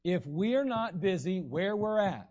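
A man's voice: high voice, lively intonation, a little slow, a little mellow. A man preaching a sermon in a conversational way, acting out the voices of the people he quotes. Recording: dull, lo-fi recording.

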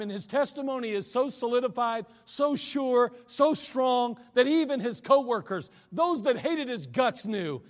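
A pastor with a high voice delivers a sermon in a conversational style, performing the voices of the people he quotes. The sound has a big-room quality.

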